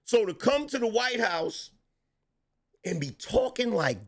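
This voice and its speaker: A middle-aged man giving casual political commentary, telling it in animated street slang and laughing between lines. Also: high voice, slow pace.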